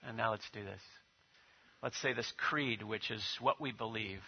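Male pastor, lowish husky voice, storytelling sermon style; muffled lo-fi church audio. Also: measured pace. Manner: storytelling with acted quotes, leading prayer and liturgy.

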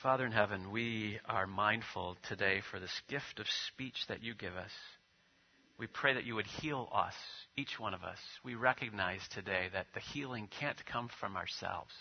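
A man's voice: lowish voice, moderate pace, vocal fry, slightly rough, lo-fi sound. A man preaching a sermon as pastor, telling stories, then leading prayer and liturgy. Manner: storytelling with acted quotes, leading prayer and liturgy.

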